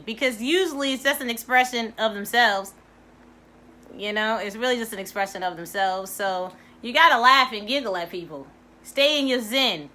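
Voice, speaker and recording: Woman from Baltimore, mindfulness coach, lively motivational talk, slightly high, very bright and forceful. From Baltimore, United States. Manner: animated, laughing, swooping pitch.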